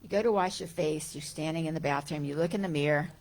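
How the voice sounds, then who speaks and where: A woman's voice: deep voice, fast talker, a little mellow. A woman giving a conversational spiritual talk to a congregation, often voicing everyday thoughts aloud and repeating key phrases. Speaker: guest speaker. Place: church sanctuary.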